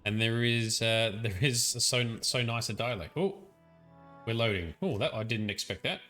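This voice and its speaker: A man's voice: mid-range voice, moderate pace, pushed and bright, faint music behind. A young man with an Australian accent, casually commenting while playing a game, playful and chatty. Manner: chatty, playful, laughing often. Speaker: let's play host.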